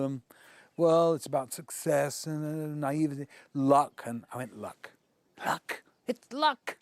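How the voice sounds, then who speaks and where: A man's voice: medium pitch, dry recording. A man telling anecdotes in an interview, acting out the quoted dialogue with shifting voices. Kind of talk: anecdotal storytelling.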